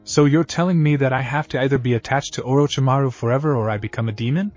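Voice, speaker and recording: A man reading the lines of a volatile young kunoichi woman, slightly raised in pitch. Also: fast, darkish tone, dull audio, faint music behind, natural voice. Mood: upset.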